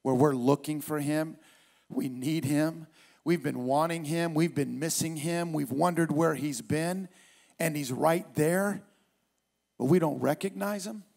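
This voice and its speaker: A man's voice: fairly high pitch, a little slow, creaky, darkish tone. A male pastor preaching a sermon at a church service in an emphatic, repetitive way.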